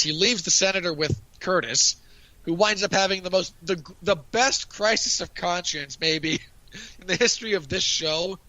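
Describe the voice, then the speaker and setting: A man's voice: high voice, sharp tone, no echo, low-quality recording. A man chatting casually on a podcast, animatedly recapping a TV episode and acting out lines of dialogue. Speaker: podcast co-host. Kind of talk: casual review chat.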